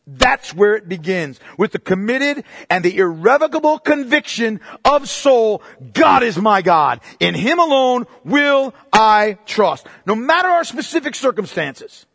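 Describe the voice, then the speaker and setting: High-pitched, emphatic preacher man. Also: no echo, clean studio sound. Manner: emphatic, rising to forceful preaching, then dropping low and slow; addresses listeners as "beloved", asks pointed questions. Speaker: pastor. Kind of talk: sermon.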